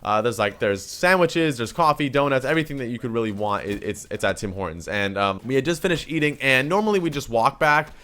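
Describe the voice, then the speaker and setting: A young man from Canada, vlogging a story in casual chat, animated and swearing freely as he acts out what people said. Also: medium pitch, fairly quick, hardly any pauses.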